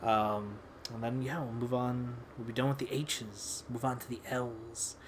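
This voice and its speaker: A man's voice: mid-range voice, little pitch movement, measured pace, a little hiss or hum. A young man hosting a video, telling a casual story in a rambling, laid-back way with lots of fillers and swearing. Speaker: video host.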